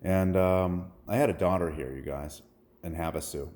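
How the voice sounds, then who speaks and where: Low, dark-toned man in his forties, earnest and rambling, preaches when quoting scripture. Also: steady tone, normal speed. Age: 40s. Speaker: vlogger. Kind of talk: personal storytelling monologue.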